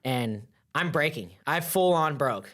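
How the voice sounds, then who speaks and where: A young man, a wrestling coach, telling stories in casual chat, animated and full of "like" fillers. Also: fairly high pitch, unhurried. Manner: animated, acts out voices in his stories, heavy filler "like". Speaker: wrestling coach, podcast guest.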